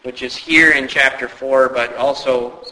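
A man preaching a sermon, often asking rhetorical questions and rising sharply in pitch for emphasis. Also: fairly even intonation, measured pace, pushed and bright, in a large hall, low-quality recording. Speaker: pastor.

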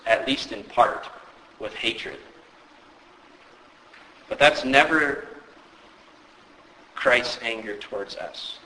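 A man preaching a sermon, often asking rhetorical questions and rising sharply in pitch for emphasis. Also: bright, forceful tone, big-room sound, poor audio. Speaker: pastor.

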